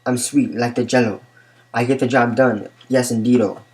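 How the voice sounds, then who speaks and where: A man's voice: moderate pace, close to an everyday voice, rough recording. A man reading aloud and voicing a playful little boy kitten with a mock-Spanish flair. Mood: sung. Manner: mock-Spanish flourish, high excited bursts. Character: small boy Siamese kitten, playful and daydreaming.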